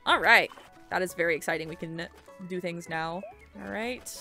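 A young woman giving casual, excitable let's-play commentary while playing a game, chatty and swearing casually. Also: lowish voice, normal speed, soft background music. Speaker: gaming video creator.

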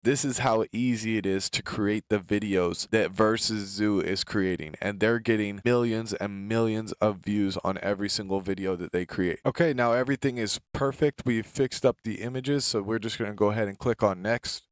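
A man hosting a software tutorial, walking through each step in an easygoing, explanatory way. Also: lowish voice, moderate pace, few pauses, dry recording, studio quality. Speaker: tutorial host. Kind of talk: screen-recording walkthrough.

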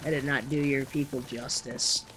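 A young man chatting and planning out loud while playing a co-op game. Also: mid-range voice, steady tone, normal speed. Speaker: gamer. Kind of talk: let's play commentary. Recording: game noise behind voice.

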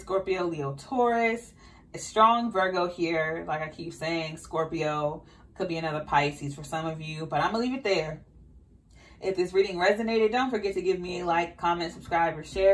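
A woman giving a casual tarot reading, urging and repeating her advice. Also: lowish voice. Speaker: tarot reader.

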